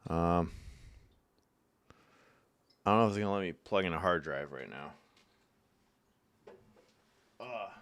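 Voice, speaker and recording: A man's voice: sits low, lively intonation, slow pace, pauses often, a bit bright. A young man from upstate New York chatting casually with his live chat from home, reading out messages and telling loose, profane stories with bursts of laughter. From Syracuse, New York. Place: home room.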